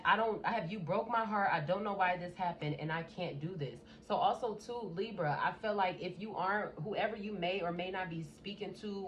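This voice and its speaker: A woman giving a casual tarot reading in a blunt, profane, animated way. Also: on the low side, slight background noise. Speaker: tarot reader.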